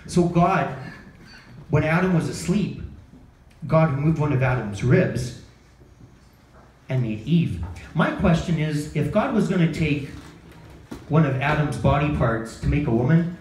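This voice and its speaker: A man's voice: on the high side, lively intonation, a little slow, pauses often, a little mellow, a little hiss or hum. A man doing an open mic stand-up set in a bar, self-deprecating and quizzing the crowd, then chatting about how it went. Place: bar comedy night. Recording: echoey bar room, faint ambience.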